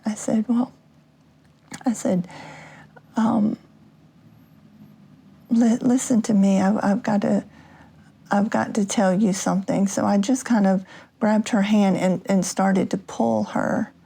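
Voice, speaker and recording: Female podcast host, slow and halting storyteller, dark gravelly tone. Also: medium pitch. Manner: halting, many restarts and fillers. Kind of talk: personal storytelling.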